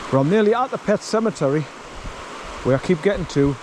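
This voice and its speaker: A man's voice: high voice, expressive, a little fast, background noise. A tired man giving a blunt, swearing walking commentary outdoors on an overgrown rural path while calling to his dog. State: tired from wading through bracken. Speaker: vlogger.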